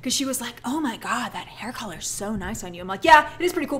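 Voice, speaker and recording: A woman's voice: fairly high pitch, expressive, fast talker, few pauses, fairly bright tone. A young woman telling a rambling, self-deprecating story in a casual vlog, acting out the people she quotes. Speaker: vlogger.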